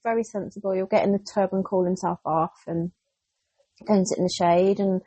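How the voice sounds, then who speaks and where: Forties English woman co-host, relaxed chat, breathy voice, dry sound. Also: medium pitch, a little fast, no echo. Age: 40s. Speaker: podcast co-host. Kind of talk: casual chat.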